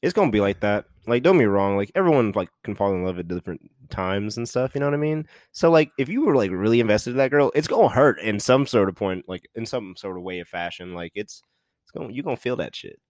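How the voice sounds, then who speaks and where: A man's voice: lowish voice, animated, quick pace, darkish tone, clean studio sound. A man co-hosting a podcast in casual chat, laid-back, echoing phrases and joking in slang. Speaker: podcast co-host.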